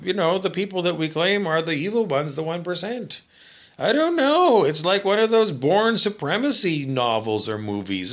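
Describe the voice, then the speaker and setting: A male vlogger rants straight to camera in a monologue, swearing and posing questions he answers himself. His voice is high-pitched, creaky and bright, with a forceful tone.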